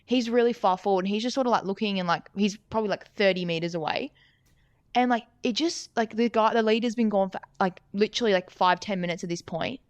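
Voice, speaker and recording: A woman's voice: medium pitch, quick pace, clear, resonant tone, no room sound. A young woman co-hosting a podcast, telling a story in a rambling, casual way, swearing often and saying "like" constantly. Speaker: podcast co-host.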